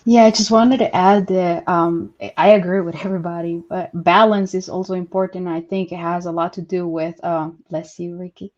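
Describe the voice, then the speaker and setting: A woman's voice: lowish voice, steady tone, moderate pace, hardly any pauses, darkish tone. Chatty woman on a dull lo-fi line. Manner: chatty, many filler likes and ums. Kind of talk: casual panel discussion. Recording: dull lo-fi sound.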